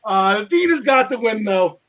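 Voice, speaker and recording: A man's voice: high voice, lively intonation, unhurried, highs cut off. A man hosting a casual wrestling podcast, enthusiastic and laughing often, with lots of fillers and restarts. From half Irish. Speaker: podcast host.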